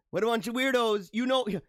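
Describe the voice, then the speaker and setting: A man's voice: very high-pitched, a bit bright, no echo, clean studio sound. A man in his thirties hosting a podcast, giving casual political commentary in a sarcastic, mocking way and laughing at his own jokes. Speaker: podcast host.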